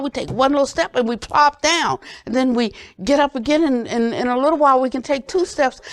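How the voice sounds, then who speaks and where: An older woman teacher giving a dharma talk, earnest and gently questioning, often dropping to soft low tones. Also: no echo, clean studio sound. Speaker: Buddhist teacher.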